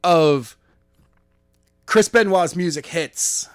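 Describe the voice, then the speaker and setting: A man's voice: fairly high pitch, very slow, smooth, no echo, clean studio sound, faint music behind. A man co-hosting a casual wrestling podcast, joking around and slipping into mock announcer hype. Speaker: podcast co-host.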